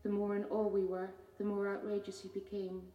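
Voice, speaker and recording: A woman, a poet giving a measured reading of her own poems with hesitant spoken asides between them. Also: medium pitch, completely flat delivery, warm tone, lo-fi sound. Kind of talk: poetry reading. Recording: roomy hall from far off.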